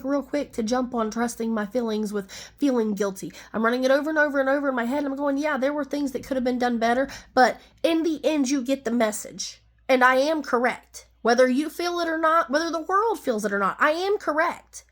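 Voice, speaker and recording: High-voiced woman ranting emphatically. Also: a bit bright. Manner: emphatic, rambling, heated. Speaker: vlogger. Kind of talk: ranting personal monologue.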